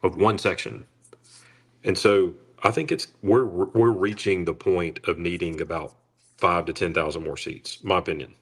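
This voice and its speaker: A man's voice: sits low, steady tone, normal speed, slightly rough. A man co-hosting a podcast, talking football in a wry, conversational way. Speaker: podcast co-host. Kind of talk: casual sports chat.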